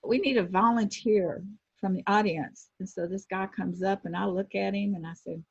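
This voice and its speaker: A woman in her sixties, a former pro wrestler, telling lively anecdotes in an interview and acting out the people she quotes. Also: medium pitch, moderate pace, slightly rough, dry recording. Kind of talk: casual storytelling interview. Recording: dull lo-fi sound.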